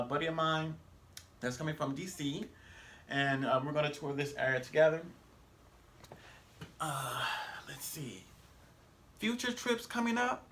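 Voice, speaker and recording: A man's voice: fairly high pitch, pushed and bright, slight background noise. A man vlogging on a trip, talking casually to camera in a rambling way, full of fillers and self-corrections. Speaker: travel vlogger. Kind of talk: casual vlog talk to camera.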